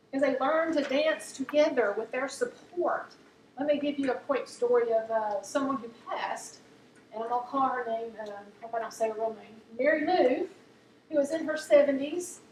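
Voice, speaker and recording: High-voiced woman speaking in an echoey hall. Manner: warm storytelling, earnest, laughs at funny stories. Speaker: speaker at a talk on chronic illness. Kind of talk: faith-based presentation to a group. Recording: echoey room, mic at a distance, faint background noise.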